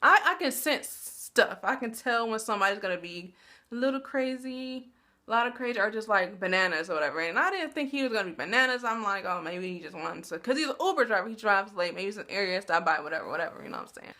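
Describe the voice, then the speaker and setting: A woman in her twenties telling a story to the camera in a blunt, animated, slangy way. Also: medium pitch, fast talker. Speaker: vlogger. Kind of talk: casual storytelling.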